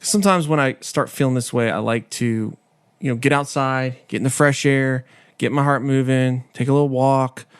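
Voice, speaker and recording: Speaking at a normal speed with medium pitch and a steady, clean tone, this man hosts a podcast with no room sound. He shares a personal story in a casual monologue, candid and chatty, often poking fun at himself.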